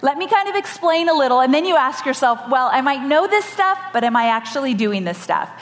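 A woman giving a lively storytelling keynote on stage, animated and laughing often, with dramatic voices for the people in her story. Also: high voice, brisk, slight background noise. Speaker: podcast host giving a conference talk. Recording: live talk with long hall reverb.

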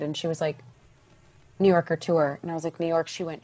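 A young woman, a stage actress, chatting as a podcast guest, telling her story with lively acted-out quotes. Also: lowish voice, fairly quick. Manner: animated, acts out quoted voices. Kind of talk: casual interview storytelling.

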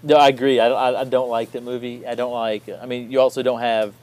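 A man's voice: medium pitch, level tone, fairly quick, darkish tone, low-quality recording. A man in his thirties, co-hosting a casual chat, rambling and correcting himself as he goes. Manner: rambling, self-correcting, upbeat.

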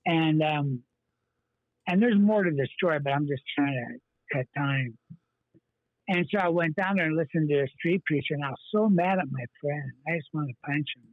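Husky man with a tinny phone sound. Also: fairly high pitch, moderate pace, no echo. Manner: rambling and earnest, many fillers and restarts. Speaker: pastor, guest. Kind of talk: telling his life story in an interview.

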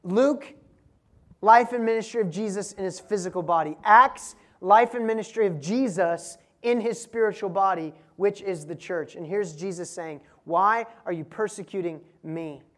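A woman's voice: medium pitch, moderate pace. A woman preaching a sermon, asking rhetorical questions, stressing key words and adding laughing asides to the congregation. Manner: dynamic preaching with rhetorical questions and strong emphasis.

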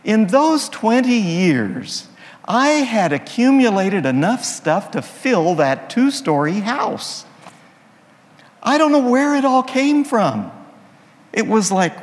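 A priest with a fairly high voice begins his sermon in a church, telling folksy, playful jokes before growing serious. The recording carries a long reverb tail.

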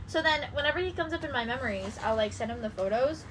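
A young woman with a high voice swaps stories in a loose, animated chat with friends. She swears freely and acts out old text messages. A faint hiss sits under her voice. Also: fast talker. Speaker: podcast co-host. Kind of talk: casual chat.

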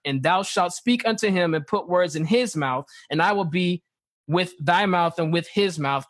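A man in a casual Bible discussion, reading scripture slowly and acting out the dialogue with animation. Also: on the high side. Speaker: podcast co-host teaching scripture.

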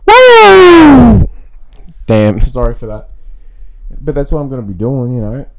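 A man hosting a solo comedy podcast, rambling and self-mocking in a deadpan way. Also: mid-range voice, fairly quick, soft background music. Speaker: podcast host. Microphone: podcast mic.

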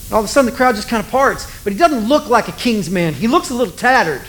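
A man's voice: high voice, animated, fast talker, hardly any pauses, a bit bright, slight background noise, low-quality recording. A man preaching a sermon in a loose, conversational storytelling way, full of asides to the audience. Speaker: pastor.

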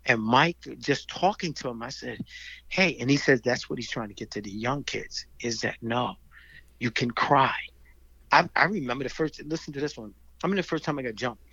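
Middle-aged man, gravelly, husky voice, animated storyteller who acts out voices, slightly dull recording. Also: medium pitch, brisk, dry recording. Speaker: guest storyteller. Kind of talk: casual storytelling in conversation.

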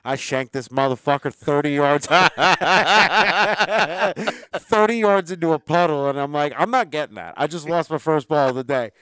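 Dude cohosting a podcast, swearing a lot while telling drunk golf stories, clean voice, dead dry room. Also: male voice, on the high side, a little fast, few pauses, smooth, no room sound. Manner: profane, rambling storyteller. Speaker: podcast co-host. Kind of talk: casual chat.

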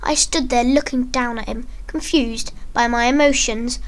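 A woman reading a first-person story aloud in an earnest, expressive way. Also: fairly high pitch, moderate pace, hardly any pauses. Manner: earnest, expressive read-aloud with acted quotes.

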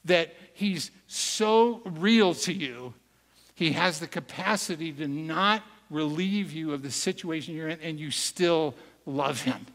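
A man's voice: a little high, takes it slowly, a bit bright. A man voicing a smug, skeptical male caregiver who asks mocking, probing questions, heard in an echoey hall. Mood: earnest, curious.

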